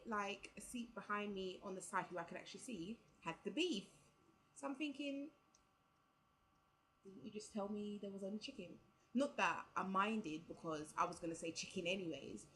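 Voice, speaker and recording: A woman's voice: medium pitch, fairly bright tone, slight background noise, low-quality recording. A young woman, telling a travel story casually to camera and filling it with "like" and quoted dialogue. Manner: chatty, full of "like" and quoted dialogue. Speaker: vlogger.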